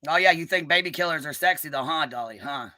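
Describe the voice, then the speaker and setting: A woman hosting a live stream, ranting and calling people out in a combative, profanity-heavy way, with a notably low, bass-heavy voice. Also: fast talker, pushed and bright. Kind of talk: live-stream commentary rant.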